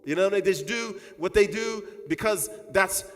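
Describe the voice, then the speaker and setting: A male Islamic teacher giving a conversational, animated mosque lecture, repeating points with asides to the audience. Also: high voice, unhurried. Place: large mosque hall. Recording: long mosque-hall reverb.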